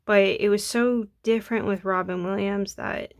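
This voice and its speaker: A woman's voice: mid-range voice, steady tone, moderate pace. A young woman chatting casually while she draws, rambling and self-deprecating, a bit sniffly from allergies. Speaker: art vlogger. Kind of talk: casual chat while drawing.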